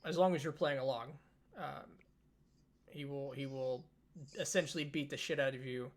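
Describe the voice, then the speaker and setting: Gravelly-voiced male game master. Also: mid-range voice, moderate pace. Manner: casual, many fillers, relaxed. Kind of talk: narrating a tabletop game.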